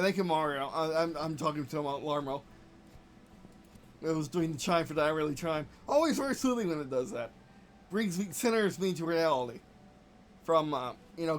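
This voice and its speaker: A gameplay video host provides live commentary in a medium-pitched voice, venting his frustration with the game through short, repeated outbursts and yelled complaints.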